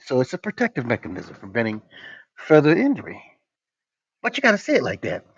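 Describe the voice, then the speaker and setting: A man's voice: medium pitch, huge pitch swings, fairly quick, creaky, slightly rough, no echo. A man hosting a livestream, chatting casually and joking with his viewers in a loose, rambling way. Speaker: livestream host. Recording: dull, dry lo-fi stream audio.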